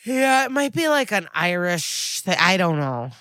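A woman's voice: fairly low pitch, very animated, measured pace, a bit bright, no room sound. A woman co-hosting a podcast, recapping a TV episode in a casual, wry, profane way. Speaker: podcast co-host.

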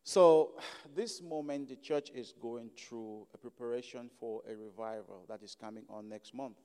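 A man's voice: mid-range voice, moderate pace, a little mellow, smooth. A man from Africa with an African accent, preaching a sermon in church, emphatic and repeating phrases for stress. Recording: long reverb of a large hall.

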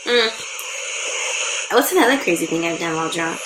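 A woman co-hosting a podcast, telling stories in an animated, laughing way while tipsy from drinking. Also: on the low side, normal speed, very noisy. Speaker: podcast co-host. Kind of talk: casual chat.

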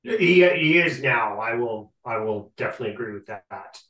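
A man co-hosting a casual sports podcast, ranting in an animated way and often repeating his catchphrase. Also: mid-range voice, normal speed, recorded from a distance. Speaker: podcast co-host. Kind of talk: casual sports talk rant. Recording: echoey room, off-mic.

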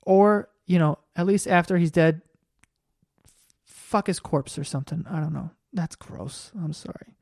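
A man's voice: fairly high pitch, measured pace, gravelly, no room sound, studio quality. Rambling, profane male podcast host. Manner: rambling, profane, gets worked up and loud. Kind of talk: casual solo podcast monologue.

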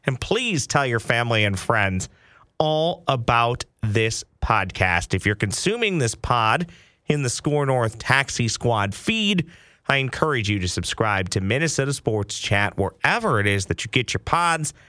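A man hosting a sports podcast, talking in an excitable, playful patter. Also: mid-range voice, a little slow, no room sound, clean studio sound. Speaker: podcast host. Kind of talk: casual sports podcast chat. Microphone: headphones with studio mic.

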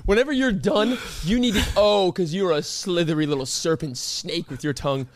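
A man co-hosting a podcast in a studio, talking in an animated, excitable way, mocking his friend and laughing loudly. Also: high-pitched, moderate pace, no echo. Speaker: podcast co-host. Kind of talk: casual podcast banter.

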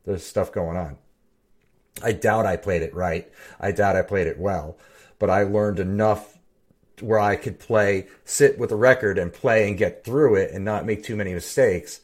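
A middle-aged man with a very low voice talks casually on a podcast. He tells rambling stories about playing bass and often restarts his sentences. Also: moderate pace. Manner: rambling, self-interrupting storyteller. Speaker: podcast co-host and bassist. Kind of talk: casual chat.

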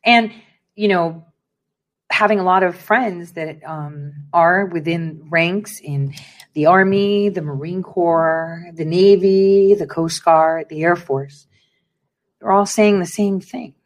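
Speaking slowly in a fairly low voice, the host of an online show delivers casual political commentary. She's emphatic and preachy, often repeating phrases for effect.

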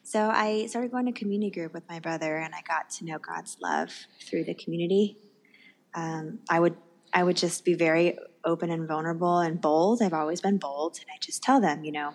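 A woman's voice: fairly low pitch, fairly quick. A young woman speaking candidly and earnestly as a guest, telling her personal faith story.

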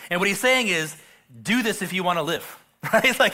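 A middle-aged male pastor preaching a casual sermon, joking and filling pauses with restarts. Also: sits high, animated, sharp tone. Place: church stage.

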